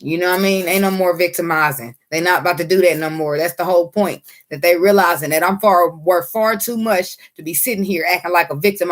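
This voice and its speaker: A woman giving a casual tarot reading, blunt, excitable and swearing freely. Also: fairly low pitch, brisk, few pauses. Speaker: tarot reader.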